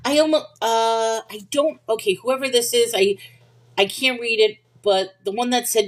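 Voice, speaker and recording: A woman's voice: on the high side, moderate pace. A woman hosting a livestream, answering viewers' questions in a casual, rambling Bible discussion and apologizing for wandering off topic.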